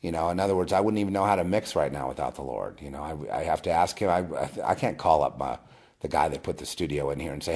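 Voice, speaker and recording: Man, very low voice, husky, rambling testimony, emphatic then hushed. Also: fast talker. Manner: rambling, many restarts, swings from loud bursts to low murmurs. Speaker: video host. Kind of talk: personal testimony monologue.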